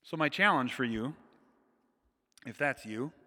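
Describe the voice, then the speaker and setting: A man's voice: mid-range voice, unhurried. A man in his forties preaching a sermon, telling a comic childhood story and speaking directly to the crowd. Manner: animated, addresses the crowd directly. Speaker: pastor. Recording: long hall reverb.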